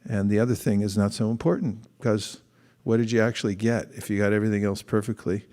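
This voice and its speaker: A man's voice: on the low side, quick pace, dark tone, long reverb tail. A man giving a conversational, reflective scripture class, reading passages aloud and musing on them. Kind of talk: sermon.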